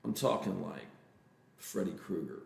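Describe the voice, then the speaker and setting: A Texan man talks in a low, gravelly voice, earnest and halting, with plenty of fillers. The room behind him is echoey and a little hollow. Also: animated. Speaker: interview guest. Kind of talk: casual storytelling interview.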